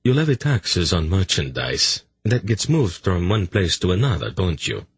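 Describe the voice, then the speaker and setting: A man's voice: deep voice, very animated, moderate pace, slightly rough, no echo, heavily acted. A man voicing a sly, teasing male thief with dry wit in an audiobook.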